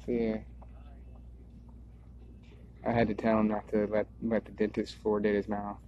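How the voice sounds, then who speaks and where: A man's voice: lowish voice, completely flat delivery, moderate pace, dark tone, slight background noise. A man rambling in a stream-of-consciousness monologue, drifting, repeating words and circling back on his thoughts. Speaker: video creator. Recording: dull lo-fi recording.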